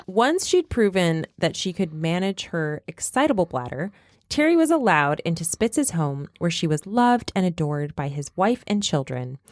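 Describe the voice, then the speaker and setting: A woman hosting a podcast who tells her story with animation, her voice on the lower side but swinging widely in pitch. The sound is dry and close. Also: moderate pace, no room sound. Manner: animated, laughs easily. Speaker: podcast host. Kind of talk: casual chat and reading history notes.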